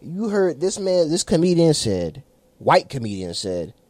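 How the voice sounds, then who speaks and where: A man in his twenties co-hosts a casual podcast chat, rambling, swearing, and laughing often. His voice is a little high and very animated, with a measured pace and a darkish tone, captured on a dry recording.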